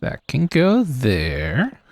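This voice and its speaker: Slow, gravelly game streamer man. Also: medium pitch, huge pitch swings. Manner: rambling, self-deprecating, chuckles often. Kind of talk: casual live-stream chat while playing.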